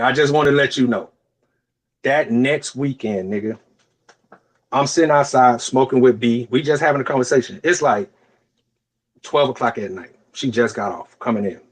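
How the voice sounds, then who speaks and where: A man's voice: mid-range voice, normal speed. A young adult man co-hosting a podcast, telling a long story in casual, profane chat and acting out the other people's lines. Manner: animated, profane, acts out quotes in other voices. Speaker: podcast co-host.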